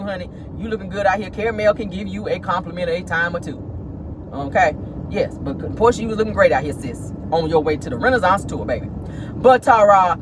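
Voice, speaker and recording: A woman's voice: mid-range voice, background noise. A woman hosting a gossip vlog, talking in a sassy, petty way and calling her listeners "honey" and "child.". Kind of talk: celebrity gossip commentary.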